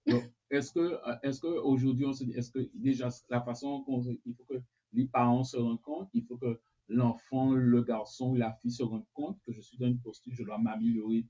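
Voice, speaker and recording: A host with a husky, mid-pitched voice speaks in a conversational way, slipping between French and English. The recording is muffled and lo-fi. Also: steady tone, a little fast, dark tone. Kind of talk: casual chat.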